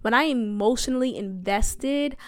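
Young female podcast host, chatty storyteller who talks to her listeners, slightly high voice that is smooth and clear, recorded dry and close. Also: normal speed, dry recording. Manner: chatty, addresses listeners as y'all, laughs often. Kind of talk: casual storytelling monologue.

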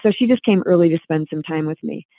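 A woman's voice: low voice, fast, creaky, dry recording. A woman guest author telling a personal story in an earnest, reflective way, with many restarts, heard over a remote call line. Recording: tinny phone-line sound.

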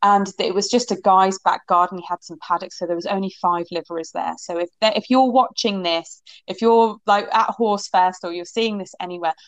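Woman, middle-aged, from England, interview guest, rambling, laughs a lot, mid pitch, dry close sound. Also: a little fast, few pauses, dry recording. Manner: animated, laughs often, rambling asides. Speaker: guest, horsemanship coach. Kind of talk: casual interview storytelling.

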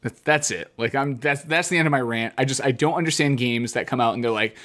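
A man's voice: medium pitch, brisk, hardly any pauses, fairly bright tone. Ranting casual podcast man. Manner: ranting, emphatic repetition. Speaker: podcast co-host. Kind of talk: casual chat.

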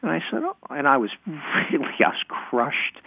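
A man telling a personal childhood story in an animated way, acting out the dialogue. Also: medium pitch, moderate pace, husky, no room sound. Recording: tinny phone-like sound.

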